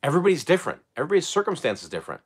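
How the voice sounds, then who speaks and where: A middle-aged man giving casual advice as a channel host, blunt and animated, swearing casually and laughing often. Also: a little high, very fast, breathy edge. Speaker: eBay reseller and channel host.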